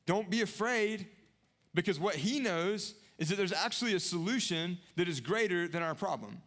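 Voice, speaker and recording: Earnest high-voiced male preacher. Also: lively intonation, normal speed. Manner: earnest, repetitive preaching, rising to emphatic peaks and dropping to hushed lows. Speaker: pastor. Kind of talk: sermon.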